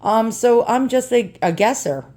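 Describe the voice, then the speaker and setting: A woman vlogger with a heavy New York accent unboxes an item in a relaxed, talkative way, speaking bluntly, joking around, and swearing now and then. Her voice is on the higher side, expressive and mellow, at a measured pace.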